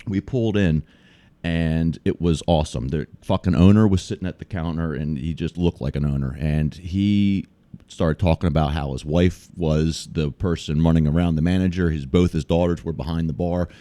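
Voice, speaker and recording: A man's voice: rumbling low, moderate pace, warm tone. An American man telling a trip story in casual, profane podcast chat. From United States. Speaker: guest storyteller.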